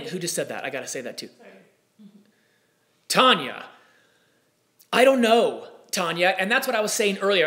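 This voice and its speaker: A young man hosts a live talk show. He speaks with heated, animated energy and keeps breaking off into asides. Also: sits high. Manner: impassioned, animated, with frequent asides.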